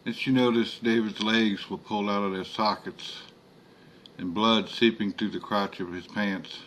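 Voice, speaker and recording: A man narrating a horror story in a slow, measured reading. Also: lowish voice, fairly even intonation, fairly bright tone, a little hiss or hum.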